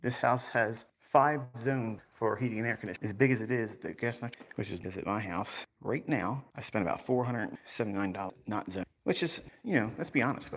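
A man's voice: on the low side, a little fast, few pauses, a bit bright. Rambling man in his fifties. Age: 50s. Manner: rambling, boastful, laughs often. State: in back pain, voice sometimes strained. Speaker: host giving a house tour. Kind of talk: casual livestream walkthrough.

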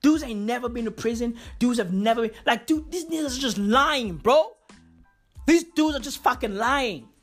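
A woman's voice: a little high, animated, normal speed, soft background music. A woman on a comic rant, slangy and profane, repeating lines for effect. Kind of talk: comedic rant.

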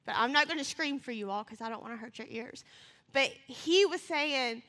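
A woman preaching, her voice bright and forceful. She talks fast and builds to passionate appeals. Her words ring with a long reverb in a church hall. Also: high-pitched. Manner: fast-talking, rising to passionate calls. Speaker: church speaker. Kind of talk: sermon with scripture reading.

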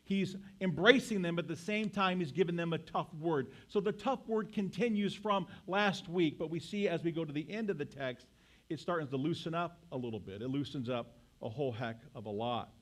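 A man's voice: fairly high pitch, normal speed, fairly bright tone. A male pastor preaching a sermon to his congregation, emphatic and full of rhetorical questions.

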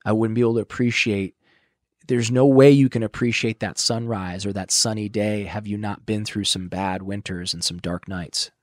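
A man in his thirties, a podcast guest, telling a story in casual chat, swearing often and acting out quotes loudly. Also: fairly low pitch, fairly even intonation, moderate pace, no echo, clean studio sound.

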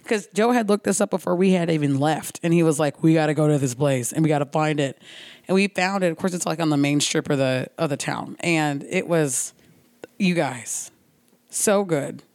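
A woman's voice: low-pitched, moderate pace, a little mellow, no echo, studio quality. A woman co-hosting a podcast in casual chat, chatty, laughing often and full of fillers.

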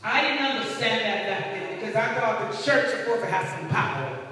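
A man's voice: high-pitched, moderate pace, crowd noise. A man preaching a sermon to a congregation, emphatic and repeating key words for effect. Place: church sanctuary. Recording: echoey church hall, distant mic.

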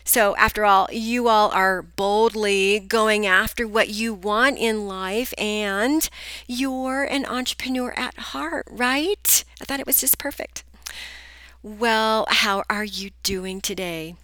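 Slow, bright-voiced woman podcast host. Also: medium pitch, clear, resonant tone, dry recording. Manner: upbeat, chatty, addresses listeners directly. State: groggy. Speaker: podcast host, business coach. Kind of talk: solo podcast talk.

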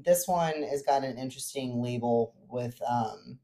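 A woman's voice: rumbling low, unhurried, dark tone. A woman co-hosting a podcast in casual chat, chatty and giggly, with lots of fillers. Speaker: podcast co-host.

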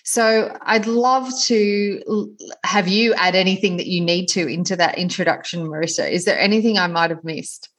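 A woman hosting a podcast, reading a scripted intro and then chatting warmly with her guest, full of praise. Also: fairly low pitch, steady tone, normal speed. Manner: warm, effusive praise of the guest. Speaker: podcast host.

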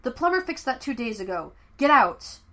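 A lady voicing a bossy cook guy yelling, loud and indignant, storybook reading. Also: on the high side, steady tone, a little fast, pitched above the performer's own voice, natural voice. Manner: shouting, indignant. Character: gruff burly male head cook, bossy.

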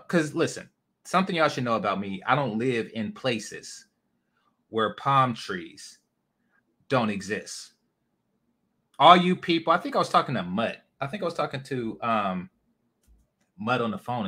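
A man's voice: mid-range voice, pushed and bright. A man from California hosting a casual livestream, ranting bluntly with lots of profanity and rambling asides. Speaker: host.

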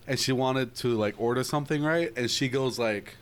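A young man telling a rambling story in casual chat with friends, full of fillers and shrill impressions of other people. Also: normal speed.

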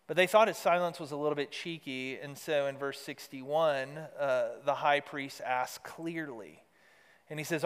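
A man's voice: a little high, moderate pace, fairly bright tone, clear, resonant tone. Earnest male preacher in an echoing hall. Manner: earnest preaching, rising emphatic repetition. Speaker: pastor. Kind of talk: sermon.

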